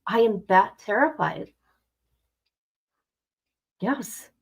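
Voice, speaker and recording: A woman's voice: mid-range voice, lively intonation, extremely slow, vocal fry, breathy edge, poor audio. Dramatic woman streamer chatting to chat. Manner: dramatic, exclamatory, talks to herself. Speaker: livestream host. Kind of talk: casual livestream chat. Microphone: no headphones, device mic.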